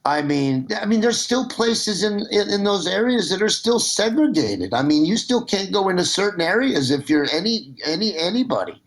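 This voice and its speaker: A man's voice: high-pitched, very animated, moderate pace, hardly any pauses. A middle-aged man from Nebraska, a comedian calling in as a guest and talking loosely, with many restarts. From Nebraska, USA. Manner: rambling, with restarts. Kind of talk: casual phone conversation.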